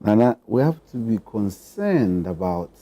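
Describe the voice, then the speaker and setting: A man speaking as a political panelist, choosing formal words with deliberate pauses. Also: lowish voice, very animated, dark tone. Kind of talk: panel discussion.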